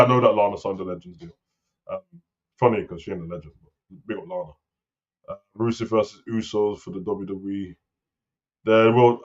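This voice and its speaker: A man co-hosting a wrestling talk show, rambling and animated in casual slang. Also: medium pitch. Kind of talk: casual chat. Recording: slightly dull lo-fi sound.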